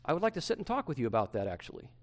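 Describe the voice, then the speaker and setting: A middle-aged male pastor preaching a sermon to his church, swinging from loud emphasis to hushed softness. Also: a little high, big pitch swings, racing.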